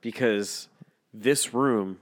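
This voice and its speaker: A man's voice: fairly low pitch, extremely slow. A man co-hosting a casual podcast from a room at home, talking bluntly with heavy swearing and indignant rants. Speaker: podcast co-host. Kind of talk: casual chat.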